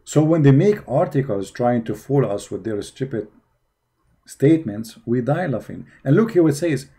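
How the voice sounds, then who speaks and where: Mocking man with a dark voice. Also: medium pitch, lively intonation, moderate pace. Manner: mocking, emphatic, repeats rhetorical questions. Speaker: religion critic presenting. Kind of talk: commentary on articles.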